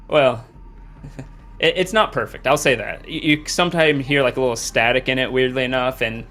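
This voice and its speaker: Chatty man of middle pitch laughing easily. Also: fairly even intonation, normal speed, fairly bright tone. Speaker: tabletop game player. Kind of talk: casual chat between tabletop players.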